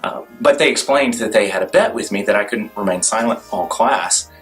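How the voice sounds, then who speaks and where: A man's voice: fairly low pitch, brisk, fairly bright tone, faint music behind, rough recording. Wry male law student telling a story. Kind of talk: anecdote told to camera.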